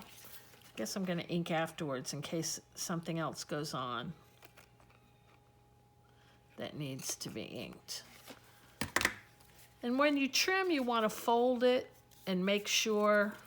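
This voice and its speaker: Unhurried woman chatting through a craft tutorial. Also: mid-range voice, a little hiss or hum. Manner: chatty, unhurried, talks through each step. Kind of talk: casual crafting tutorial, thinking aloud.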